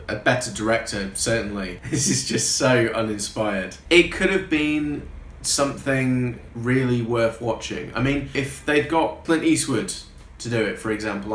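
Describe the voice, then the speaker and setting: This is a man talking through a film review in a loose, sarcastic way, dropping the odd swear word. His voice is mid-pitched. The room around him gives off a noticeable echo. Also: fairly bright tone. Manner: wry, sarcastic, casually swearing. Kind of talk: casual film review vlog. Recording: roomy echo.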